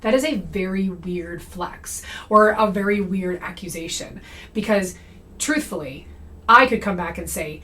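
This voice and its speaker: A woman's voice: on the low side, a little slow, a bit bright. Chatty woman checking in with "okay?". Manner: conversational, frequent "okay?" and "right?" check-ins. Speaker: comedy creator and anti-MLM commentator. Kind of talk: casual monologue to camera.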